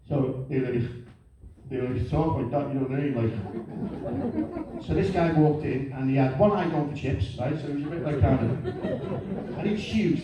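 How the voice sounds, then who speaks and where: A middle-aged man doing a lively, self-mocking stand-up comedy routine. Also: on the high side. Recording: echoey room, distant mic, faint noise.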